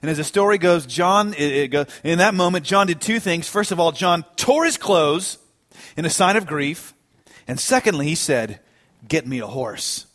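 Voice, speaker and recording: A man preaching a sermon, telling a story with animated, emphatic delivery that builds to strong peaks. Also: on the high side, normal speed. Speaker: pastor.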